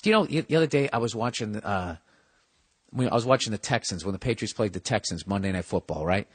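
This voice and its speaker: A middle-aged man hosting a podcast, ranting in a casual comedic way, swearing freely and swinging between loud outbursts and low mutters. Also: expressive, quick pace, breathy edge. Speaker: podcast host.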